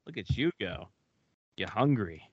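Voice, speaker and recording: A man's voice: fairly low pitch, big pitch swings, a little slow, husky, dry recording, highs cut off. A man hosting a casual podcast chat, joking around and swearing freely. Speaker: podcast host.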